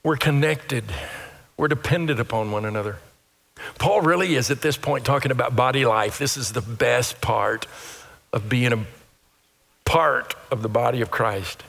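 A man preaching a sermon as pastor, animated and acting out the little voices of churchgoers. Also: medium pitch, moderate pace, vocal fry. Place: church sanctuary. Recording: long reverb of a church hall.

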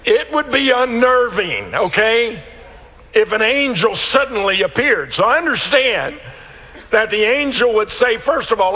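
A man preaches in a church sanctuary with a long, ringing reverb trailing behind his words. His voice sits high and bright, and he tells stories with many quick restarts and repeated words. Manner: storytelling, animated with repeated restarts. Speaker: pastor. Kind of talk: sermon.

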